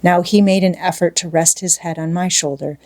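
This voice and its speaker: A woman narrating a classic novel as an audiobook in a measured, expressive reading. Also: fairly low pitch. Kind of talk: scripted narration.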